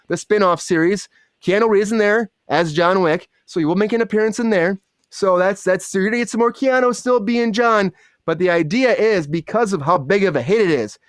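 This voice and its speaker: A man's voice: sits high, no echo, studio quality. A man hosting a live entertainment news chat, talking casually and putting questions to his co-hosts. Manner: conversational, asks questions, repeats himself. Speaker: host.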